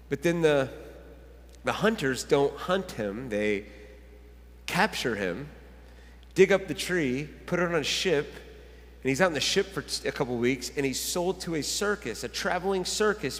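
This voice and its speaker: A man preaching a sermon as a pastor, reading a children's book aloud in a conversational way and repeating phrases. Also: a little high. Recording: long church hall reverb.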